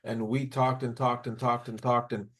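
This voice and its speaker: A man's voice: medium pitch, little pitch movement, normal speed, fairly bright tone. A man in his fifties, co-hosting a podcast, telling a personal story in a candid, rambling way and swearing freely. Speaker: podcast co-host. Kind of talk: casual storytelling chat.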